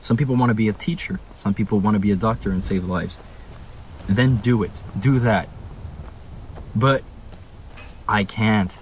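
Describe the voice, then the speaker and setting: A man's voice: on the low side, normal speed, pauses often, slight background noise. A young man from Canada, speaking in a casual vlog from a room at home, ranting with emphatic rhetorical questions. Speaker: vlogger.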